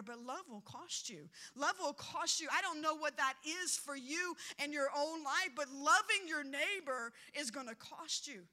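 A woman preacher delivering a sermon with passion, repeating key lines and swinging between loud emphasis and quiet asides. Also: sits high, lively intonation, a little slow, few pauses.

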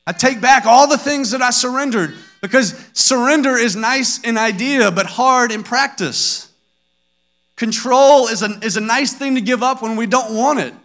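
A man's voice: very high-pitched, fairly bright tone. A man in his thirties giving a personal devotional talk as a father, telling stories earnestly and acting out family scenes. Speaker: father sharing a devotional message.

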